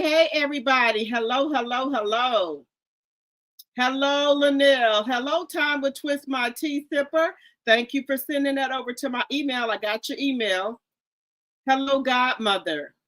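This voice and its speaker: A woman hosting a casual livestream from home, greeting viewers in the chat by name and bursting into loud exclamations, eating while she talks. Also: sits high, unhurried. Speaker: livestream host. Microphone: streaming from home.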